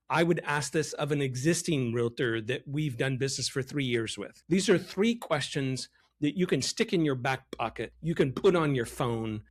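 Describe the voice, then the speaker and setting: A man hosting a podcast on his own, giving business advice and shifting his voice higher and lower for emphasis. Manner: animated, varies pitch and loudness for emphasis. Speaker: podcast host, loan officer. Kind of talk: solo podcast advice talk.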